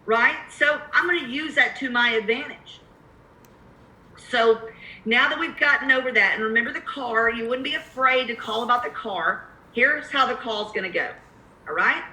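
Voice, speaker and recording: A woman's voice: a little high, normal speed, sharp tone, roomy sound, rough recording. A woman with a Southern accent coaching real estate investors on cold calls in a live webinar, emphatic and repeating her key points.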